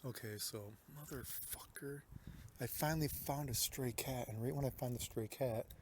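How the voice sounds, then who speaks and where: A man's voice: medium pitch, moderate pace, background noise. A young man vlogging while walking city streets at night, rambling and swearing, talking into a handheld phone. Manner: profane, rambling, lots of "dude". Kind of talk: casual vlog narration.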